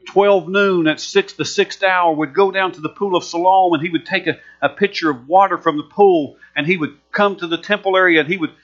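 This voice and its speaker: Male preacher, high bright voice, emphatic sermon delivery, muffled recording with hum. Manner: emphatic, repetitive preaching with rising fervor.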